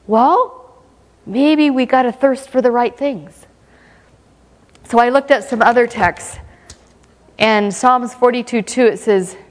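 A woman preaching a sermon in a conversational, emphatic way, with playful asides. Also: a little high. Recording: long reverb of a hall.

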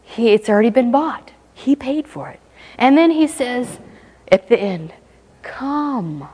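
A woman's voice: a little high, animated, normal speed, warm tone. A woman preaching a sermon in a conversational, emphatic way, with playful asides. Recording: long reverb of a hall.

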